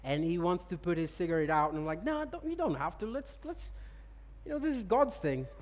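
A man's voice: high-pitched, expressive, brisk. A man preaching a sermon and telling personal stories. He chuckles often and repeats words as he tells them. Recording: long reverb of a large hall.

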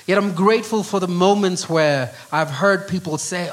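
A middle-aged Kenyan man preaching a sermon with an earnest delivery, often dropping to a hushed voice on key phrases. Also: high-pitched, moderate pace, low-quality recording. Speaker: pastor.

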